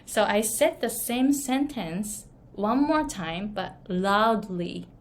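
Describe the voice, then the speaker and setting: A woman's voice: mid-range voice, animated, slow. A woman with a Japanese accent, coaching in a casual storytelling way, chatty with frequent fillers and tag questions. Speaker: online business and pronunciation coach. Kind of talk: casual storytelling advice to camera.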